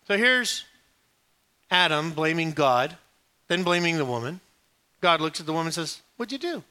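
Middle-aged preacher guy cracking jokes, bright tense tone, voice sits a bit high. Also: animated, normal speed, clean tone. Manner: jokey storytelling with sudden hushed asides. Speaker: pastor. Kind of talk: sermon.

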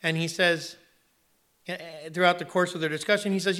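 A male pastor delivering a sermon in a bright, forceful voice that sits a little high for a man. He preaches emphatically, swinging from loud exclamations down to quiet, earnest tones. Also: steady tone, fairly quick.

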